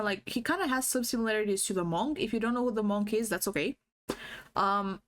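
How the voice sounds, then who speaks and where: A woman streamer with a fairly bright, higher-pitched voice chats casually on a livestream. She rambles and giggles, swears freely, and fills her talk with fillers and restarts. The stream's audio is faulty.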